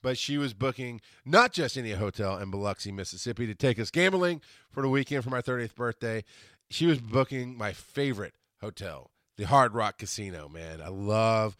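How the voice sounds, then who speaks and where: A man in his forties rambles through a casual solo monologue. He keeps restarting and correcting himself, and he gets animated when he quotes other people. His voice sits in an ordinary middle register and sounds dry and close. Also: medium pitch, no room sound. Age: 40s. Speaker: podcast host.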